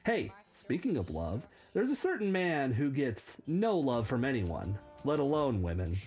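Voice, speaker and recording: Animated, sarcastic woman reaction host. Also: rumbling low, a little slow, faint music behind. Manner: sarcastic, mocking, exaggerated. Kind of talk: comedic commentary.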